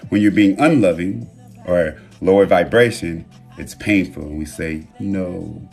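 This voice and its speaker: A man hosting a live stream from his phone, talking in a relaxed, reflective way with loose slang and pausing to read viewer comments. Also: sits low, vocal fry, faint music behind. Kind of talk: casual live-stream talk. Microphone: phone mic.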